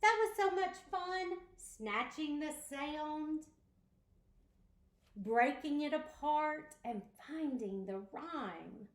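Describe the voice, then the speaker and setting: A woman teaching pre-K children, speaking slowly and encouragingly as she sounds out words. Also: high voice, expressive, echoey room. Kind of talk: slow, expressive lesson for young children.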